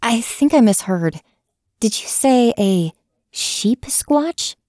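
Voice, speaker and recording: A woman voicing a gruff, centuries-old female blacksmith who talks bluntly and plainly. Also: on the low side, normal speed, a little mellow, no echo, studio quality, lightly acted. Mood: plainspoken.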